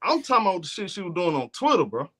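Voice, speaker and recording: High, lively man pushing his point. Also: fast. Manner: stubborn, repeats his point. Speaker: co-host. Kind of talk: heated sports debate.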